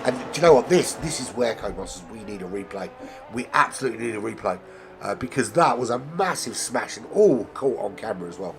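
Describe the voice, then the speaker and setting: A man with a cold and a nasal voice, commentating an online sim racing league, rambling into asides and getting excited during close battles. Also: fairly low pitch, quick pace. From not American. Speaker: race commentator. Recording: game music and engine noise behind. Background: racing game audio and music.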